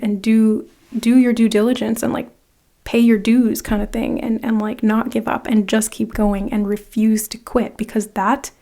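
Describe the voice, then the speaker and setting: Warm-voiced woman giving a tarot reading. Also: on the high side. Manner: rambling, with many "like"s and restarts; direct second-person encouragement. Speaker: tarot card reader. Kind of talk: casual pick-a-card reading to the viewer.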